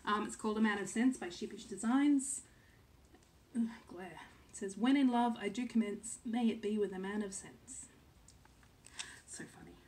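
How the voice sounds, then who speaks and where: A woman's voice: medium pitch, normal speed, a little mellow. A woman in her thirties from Australia chatting casually to camera as a cross-stitch vlogger, full of "um"s and second-guessing herself. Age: 30s.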